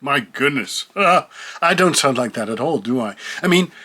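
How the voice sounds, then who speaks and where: A man's voice: medium pitch, animated, a little slow, sharp tone. A middle-aged man from the Netherlands with a neutral English accent and a faint European twang, talking in a chatty, self-reflective vlog monologue. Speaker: voice actor.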